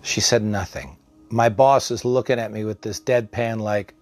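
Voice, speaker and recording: Halting, chatty male storyteller. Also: fairly low pitch, steady tone. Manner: conversational, halting with fillers and restarts. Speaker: storyteller, former psych care worker. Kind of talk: personal anecdote told aloud.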